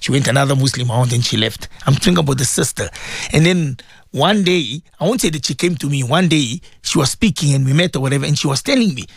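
An Islamic radio presenter and maulana preaches fervently, his high, gravelly, slightly rough voice leaping up and down. He repeats his points and calls out to listeners directly again and again. The sound is dry, with no room echo.

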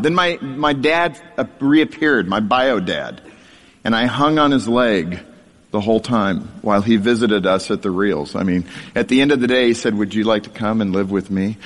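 A middle-aged man preaching a storytelling sermon, sharing his childhood with self-deprecating humor and frequent laughter. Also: medium pitch. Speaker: speaker sharing a testimony. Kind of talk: storytelling sermon to a live audience. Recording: long hall reverb.

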